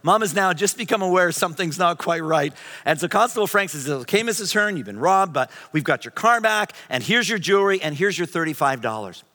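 Middle-aged preacher guy, bright voice, big echoey church hall, gets animated then whispers. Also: high voice, brisk, few pauses. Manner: animated, shifts to hushed whispers. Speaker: pastor. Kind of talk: sermon storytelling. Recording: long hall reverb.

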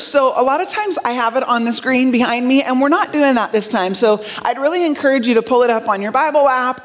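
A middle-aged woman pastor preaching a sermon in a chatty way, talking straight to the congregation. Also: sits high. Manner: warm, chatty, addresses the congregation directly.

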